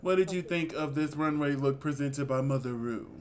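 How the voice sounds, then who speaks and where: A man co-hosting a casual review chat, animated and exclamatory, with sassy asides. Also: a little high, moderate pace. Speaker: co-host reviewing a reality show.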